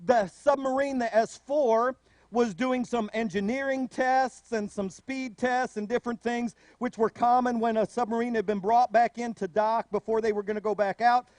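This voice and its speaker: A man preaching a sermon as a pastor, telling stories with animated asides. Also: very high voice, moderate pace, no room sound, studio quality.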